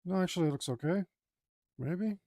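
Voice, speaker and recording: Casual male artist vlogger, self-deprecating rambler, fairly high and mellow, dry sound. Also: fairly quick, no room sound. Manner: rambling, self-deprecating, groans and sighs aloud. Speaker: artist streaming his drawing process. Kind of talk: casual talk while working.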